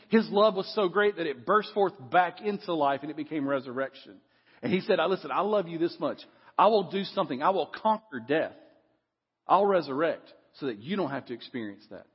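A middle-aged man preaching a lively sermon in a church, dropping low for effect. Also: slightly rough. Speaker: pastor. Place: church sanctuary. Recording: long hall reverb, dull lo-fi sound.

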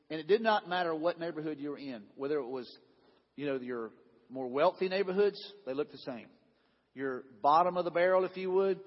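A man's voice: on the high side, husky. A man preaching a sermon, telling a story in a conversational way and often repeating himself. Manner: conversational, repeats himself, quotes people in dialogue. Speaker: pastor. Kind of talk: sermon with slides. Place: church sanctuary. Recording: dull sound in a large echoing hall.

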